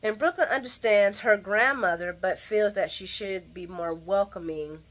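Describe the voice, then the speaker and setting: A woman hosting a daily soap opera recap, talking straight to her viewers in an animated, opinionated way. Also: medium pitch, moderate pace. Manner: animated and opinionated, talks to viewers as guys and y'all, acts out retorts. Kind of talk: casual chat, daily show recap.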